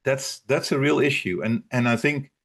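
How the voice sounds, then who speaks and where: A man presenting and answering audience questions in an online talk, speaking haltingly with many fillers and restarts. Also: medium pitch, fairly bright tone.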